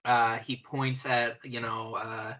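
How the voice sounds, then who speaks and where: A man's voice: mid-range voice, level tone, takes it slowly, sharp tone. A man co-hosting a podcast, riffing casually and rambling, with frequent swearing. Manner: rambling, swearing, fond of silly voices. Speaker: podcast co-host. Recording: dull lo-fi sound.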